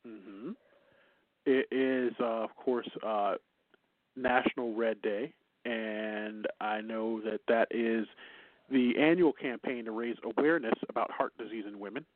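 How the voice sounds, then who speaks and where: A man's voice: fairly low pitch, steady tone, measured pace, no room sound. Chatty Chicago man on a phone line. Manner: rambling, laughs often, fillers and restarts. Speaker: radio show host. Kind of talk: casual talk radio banter. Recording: phone-line internet radio.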